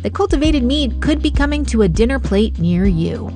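A woman hosting a radio show, narrating a scripted story in a clear, measured way. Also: a little high, animated, mellow. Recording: music bed under the voice.

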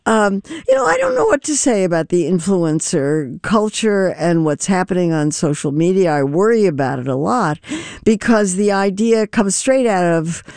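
Older woman with a gravelly, mellow voice. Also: fairly low pitch, very animated, moderate pace, dry recording, clean studio sound. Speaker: nutrition expert guest. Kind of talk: radio call-in interview.

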